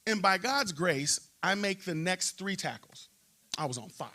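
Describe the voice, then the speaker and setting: A middle-aged man, a pastor, telling a story in a church interview and acting out shouting crowds. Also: high voice, fairly quick. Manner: animated storyteller, acts out crowd chants.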